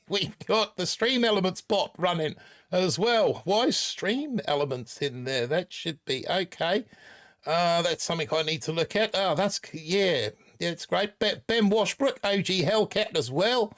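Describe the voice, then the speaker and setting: A man's voice: high voice, a bit bright. Male, 40s, stream host, faked Aussie accent, talkative and meandering, slightly raised voice. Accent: put-on Australian. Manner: chatty, rambling, reads viewer comments aloud. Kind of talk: casual live stream chat.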